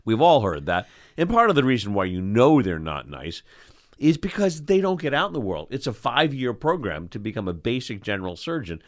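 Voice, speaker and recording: Animated older man telling stories. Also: mid-range voice, fairly quick. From New York. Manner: animated storyteller, acts out voices. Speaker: host, eye doctor. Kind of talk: storytelling chat.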